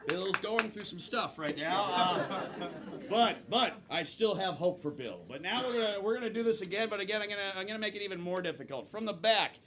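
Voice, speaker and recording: A man's voice: high-pitched, animated, brisk. An American man hosting a live improv comedy show, upbeat and emphatic as he sets up the games. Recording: live show with crowd and noise.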